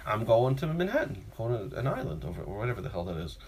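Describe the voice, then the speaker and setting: A man, co-hosting a casual chat and telling an exasperated story with lively voiced impressions. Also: lowish voice, fast, husky. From Brooklyn, New York.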